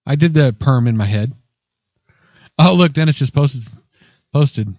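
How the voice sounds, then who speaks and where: A man's voice: medium pitch, expressive, a little slow, darkish tone, no echo, lo-fi sound. A man co-hosting an internet radio show, chatting casually, laughing and swearing through loose banter. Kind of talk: casual chat.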